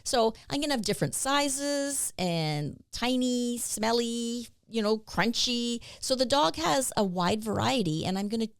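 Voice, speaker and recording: A woman dog trainer co-hosting a podcast in casual chat, chatty and quick to agree. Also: a little high, clear, resonant tone, no echo, clean studio sound. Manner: chatty, with frequent agreeing backchannels.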